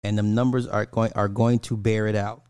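A man's voice: lowish voice, level tone, normal speed, darkish tone, clear, resonant tone, no echo. Guy going off on a rant, cussing, says stuff twice, dry close sound. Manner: blunt, profane, repeats lines for emphasis. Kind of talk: casual commentary rant.

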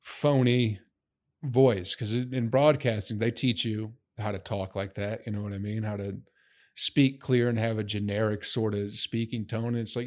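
A man's voice: lowish voice, fairly even intonation, normal speed. A man in casual chat, talking bluntly and swearing freely as he gives opinions.

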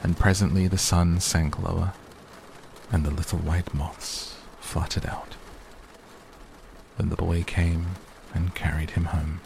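Man, bedtime storyteller, very low deep voice, gravelly, hushed, faint rain behind. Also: flat delivery, slow pace, slight background noise. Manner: gentle, hushed. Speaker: audiobook narrator. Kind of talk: soft bedtime story reading. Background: soft rain sounds.

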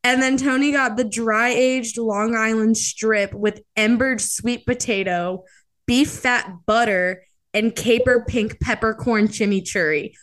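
A woman's voice: fairly high pitch, fairly even intonation, slow pace, fairly bright tone. A young woman co-hosting a podcast in casual chat, telling stories with lots of fillers and acting out quotes. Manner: chatty storyteller, acts out quotes, many fillers. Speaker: podcast co-host.

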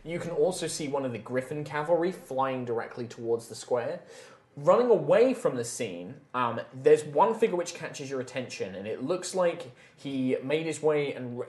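A man's voice: medium pitch, lively intonation, moderate pace, a little mellow. A man narrating as game master of a tabletop game, loose and rambling with many fillers. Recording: echoey room with faint music.

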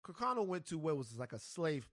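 A man hosts a podcast in a playful, questioning way, his pitch swinging widely. The sound is close and dry. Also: very animated, brisk, a bit bright, no room sound. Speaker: podcast host. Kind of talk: casual chat.

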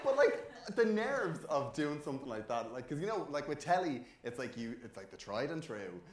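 A man's voice: a little high, big pitch swings, moderate pace, roomy sound. A man hosting a casual chat, chuckling and rambling through his questions. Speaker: host.

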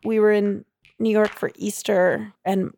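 Animated young woman telling stories. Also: mid-range voice, measured pace, vocal fry, a little hiss or hum. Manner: animated, filler-heavy storytelling with lots of "like". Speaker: guest comedian. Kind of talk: casual storytelling chat.

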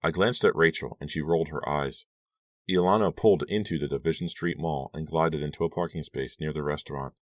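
Deep-voiced male audiobook narrator. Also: brisk, no room sound, studio quality. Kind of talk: scripted narration.

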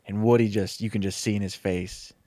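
A young man casually pitching a comedic story, rambling and acting out the characters' lines. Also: fairly even intonation, brisk, mellow, no echo.

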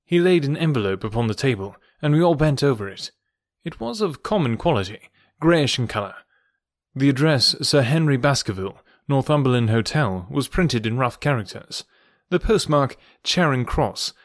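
A man's voice: medium pitch, moderate pace, dry recording, studio quality. Man narrating a classic detective novel. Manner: steady, even storytelling delivery. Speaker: audiobook reader.

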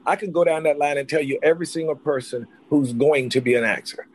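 A man from North Carolina, an actor, telling his life story in an interview with rapid, excitable talk full of restarts. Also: a little high. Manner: rapid, excitable, jumps back and forth with restarts.

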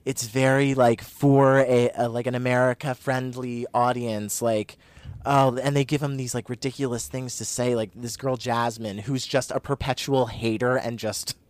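An excitable man co-hosting a casual podcast, gushing along with quick asides. His voice sits at a middle pitch and sounds dry and close to the mic. He sounds warm and a little out of breath. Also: no room sound. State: hot and short of breath. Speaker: podcast co-host. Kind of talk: casual chat.

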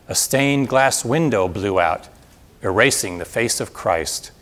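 A man reading a historical account in a measured, dramatic way, then addressing an audience. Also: medium pitch, fairly bright tone. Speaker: speaker reading historical narration.

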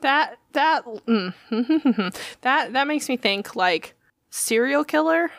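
A young woman co-hosting a casual chat, chiming in with quick agreement and jokey asides. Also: high-pitched, expressive, gravelly, fairly bright tone, no room sound, clean studio sound. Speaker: podcast co-host.

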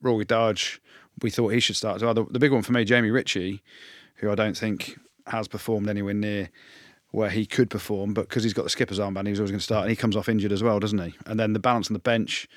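A man from England with a lowish voice, recorded dry and close. He analyses rugby earnestly and with emphasis, then turns to joking and teasing his co-host. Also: flat delivery, fast talker, no room sound. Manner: earnest, emphatic analyst who jokes and teases. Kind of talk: casual sports analysis.

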